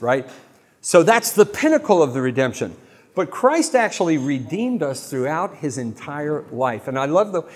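A man giving a lively, jokey talk to a live audience on faith, full of quick asides. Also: a little high. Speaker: Catholic speaker. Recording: long hall reverb.

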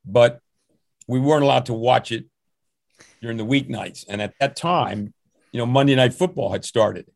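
An older man with a gravelly, creaky voice, recorded dry and close, tells long stories as a veteran coach. He rambles warmly from anecdote to anecdote, with plenty of restarts and small chuckles. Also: medium pitch, normal speed, long pauses, dry recording. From New Jersey, USA. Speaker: swim coach. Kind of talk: relaxed interview storytelling.

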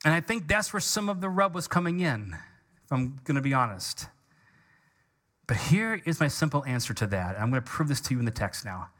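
A man preaching a sermon as pastor, reading scripture slowly with stress on each phrase and leading the congregation in call-and-response. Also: medium pitch, expressive, a bit bright. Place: church sanctuary.

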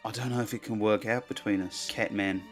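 A man's voice: lowish voice, fairly even intonation, a little fast, a bit bright, faint music behind, natural voice. Man playing a coy blind bat heroine. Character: blind half-bat female heroine, flirty.

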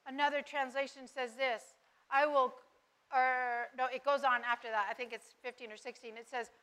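A woman's voice: high-pitched, flat delivery, normal speed, fairly bright tone, clean tone. A woman giving earnest devotional Bible teaching, asking listeners rhetorical questions.

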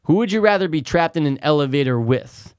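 A man's voice: on the high side, animated, brisk, a little mellow, clear, resonant tone, no echo, studio quality. Joking young man, crude podcast banter. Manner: joking and teasing. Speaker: podcast co-host.

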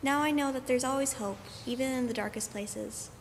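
A woman's voice: high-pitched, fairly quick. A woman voicing a small boy mole in a storybook, speaking in a small, childlike way. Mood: happy. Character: sad little boy mole cheering up. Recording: echoey church hall, faint hum.

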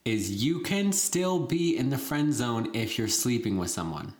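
A woman's voice: rumbling low, very animated, a little slow, darkish tone. Co-host: woman, frank and playful, swooping intonation, roomy echo. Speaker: podcast co-host. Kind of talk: casual chat. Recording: echoey room.

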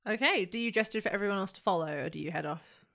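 A woman's voice: mid-range voice, rapid-fire, vocal fry, fairly bright tone. A woman narrating a tabletop game as game master, describing scenes in a loose way full of "like"s.

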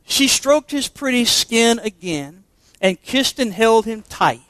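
High-voiced man preaching a sermon. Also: animated, takes it slowly, fairly bright tone, dry recording. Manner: emphatic, with rhetorical questions. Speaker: pastor.

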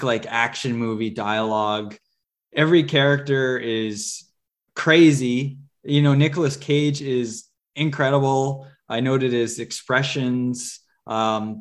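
Man, casual co-host, rambling, filler-heavy, mid-pitched voice. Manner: rambling, many fillers and restarts. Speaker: podcast co-host. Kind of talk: casual movie review chat.

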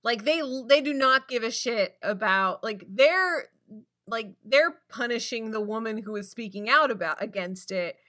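Bright-voiced woman making wry asides. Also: fairly high pitch, expressive, a little slow. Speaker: podcast co-host. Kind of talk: casual chat.

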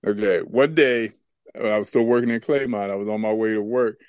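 A man co-hosting a podcast, telling stories in a casual, animated way and laughing often. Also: on the low side, a little fast, dry recording, dull audio. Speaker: podcast co-host. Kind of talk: casual chat and storytelling.

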